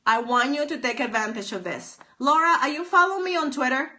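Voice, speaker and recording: Bright upbeat woman streaming live. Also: high voice, a little fast. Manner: upbeat, repeats herself, addresses viewers by name. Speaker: stylist and author hosting a livestream. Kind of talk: live-stream chat with viewers. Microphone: phone.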